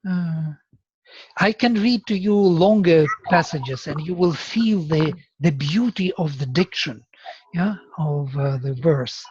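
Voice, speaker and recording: A man teaching Sanskrit in a seminar, speaking as a with many pauses and chanting verses aloud. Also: fairly high pitch, a little mellow, a little hiss or hum. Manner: slow, halting, chants verses. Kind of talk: seminar lecture with recitation. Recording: dull, dry lo-fi recording.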